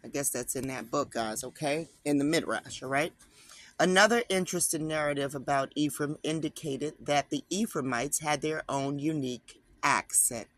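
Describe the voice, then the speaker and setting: Man, online Bible teacher, somewhat high voice, reads aloud, casual emphatic commentary. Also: moderate pace, fairly bright tone, no room sound. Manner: conversational, talks to viewers directly, emphatic asides.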